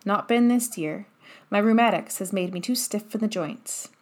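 Lady reading as a cranky old gardener, slow grunty grumbling, gets cross quick. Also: mid-range voice, close to an everyday voice. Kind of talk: audiobook character voice.

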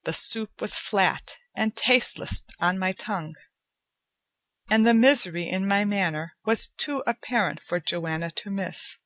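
A woman giving a measured, deliberate audiobook narration of a story. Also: medium pitch, a bit bright, no room sound. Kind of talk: scripted narration.

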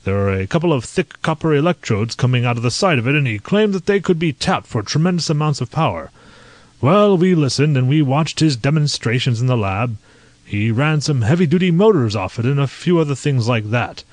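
A man's voice: mid-range voice, expressive, brisk, no room sound, pitched above the performer's own voice, lightly acted. A man voicing a jovial, dismissive male army colonel who talks in a breezy, offhand way.

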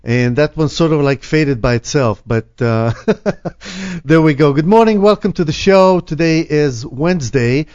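A man's voice: fairly high pitch, lively intonation, a little slow, darkish tone, no room sound. Rambling man hosting a morning radio show. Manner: rambling with many fillers and restarts. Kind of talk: casual radio chat. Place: radio studio. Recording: dry, dull lo-fi studio sound.

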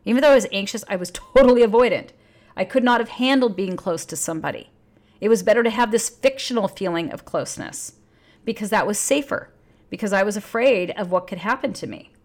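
A woman relationship coach talking in a casual advice monologue, candid and blunt, swearing freely, with emphatic jumps in pitch. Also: expressive, brisk.

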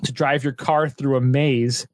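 A man's voice: medium pitch, fairly even intonation, unhurried, dry recording. A man co-hosting a podcast in casual chat, joking and riffing on bits. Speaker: podcast co-host.

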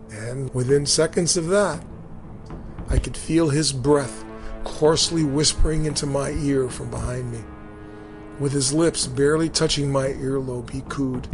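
A man narrating his own memoir in a measured, vivid way. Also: mid-range voice. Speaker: storyteller recounting his own boot camp. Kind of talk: memoir reading.

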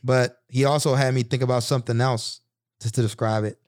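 A man's voice: medium pitch, steady tone, fairly quick, darkish tone, no echo, clean studio sound. A man in his thirties telling personal stories in an earnest, reflective, conversational monologue. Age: 30s. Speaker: podcast host.

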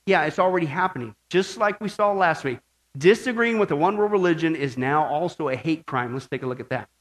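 A man's voice: fairly high pitch, expressive, brisk. A man preaching a sermon, emphatic and full of rhetorical questions to his listeners. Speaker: pastor.

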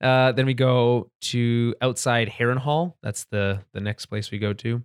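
Laughing, animated podcast guy. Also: mid-range voice, measured pace, clear, resonant tone, dry recording, studio quality. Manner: animated, laughs often, many restarts. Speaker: podcast co-host. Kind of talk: casual chat recapping a TV episode.

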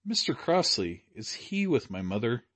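A man doing an eager young woman, raised pitch. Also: lively intonation, moderate pace, a bit bright, no echo. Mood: urgent. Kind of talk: audiobook character reading.

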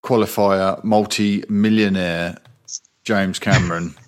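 A man co-hosting a podcast, measured and dryly sarcastic in a film debate. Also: deep voice, fairly even intonation. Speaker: podcast co-host.

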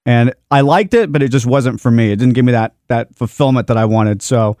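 A man's voice: mid-range voice, fairly quick, a little mellow, dry recording. A man from Dallas, Texas, a studio owner chatting as a podcast guest in a studio, easygoing and making self-deprecating jokes. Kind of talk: casual podcast interview.

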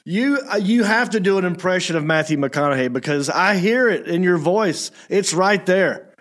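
A man's voice: high-pitched, animated, moderate pace, fairly bright tone. A man hosting a casual interview, easygoing and laughing along with short reactions. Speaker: host.

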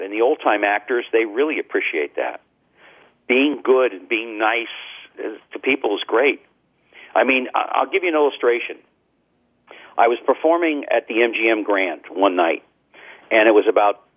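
An older man, a talk radio host, telling stories in a chatty, anecdotal way during an interview, with frequent restarts. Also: lowish voice. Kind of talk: casual interview storytelling. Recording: tinny phone line.

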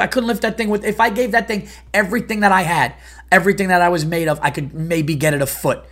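A middle-aged comedian vents in a profane, exasperated rant. His voice sits a bit high for a man and jumps louder and higher when he gets worked up. It is a casual podcast monologue. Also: fairly even intonation, quick pace.

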